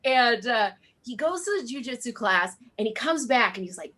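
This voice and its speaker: A woman doing a stand-up comedy set, her voice high and bright for a woman. She tells her stories in a brash, profane, punchy way. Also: lively intonation, moderate pace, hardly any pauses. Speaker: stand-up comic.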